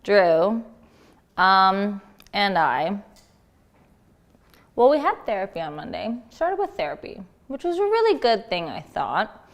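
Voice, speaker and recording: A woman frankly recounting a personal story in a vlog, earnest and halting, with restarts. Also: medium pitch, big pitch swings.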